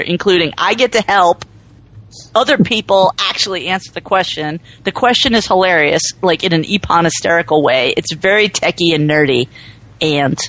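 A woman from New England chats on a podcast with a lively, swooping voice. She talks breezily and lets her sentences trail off into "blah, blah, blah." Her pitch rises and falls constantly as she tells the story. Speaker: podcast co-host. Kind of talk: casual chat.

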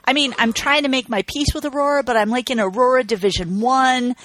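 A woman co-hosting a casual podcast, telling stories in an animated way, swearing and venting as she goes. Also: high-pitched, fairly quick, dry recording. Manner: animated, profane storyteller who vents with laughs. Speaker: podcast co-host.

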